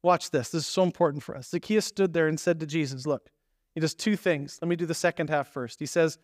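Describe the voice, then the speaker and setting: A man's voice: on the high side, fairly quick, dry recording, clean studio sound. A man preaching a sermon as pastor, telling the story in a conversational, emphatic way with acted asides.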